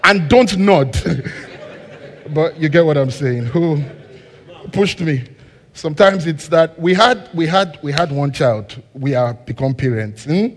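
A man preaching a story-driven sermon as a guest speaker, moving between quiet asides and loud, animated shouting. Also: mid-range voice. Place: church hall. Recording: long hall reverb.

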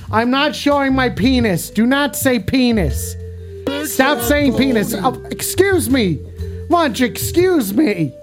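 A man's voice: extremely high pitch, fairly bright tone. A man livestreaming, bantering crudely and teasingly with his chat in a casual way.

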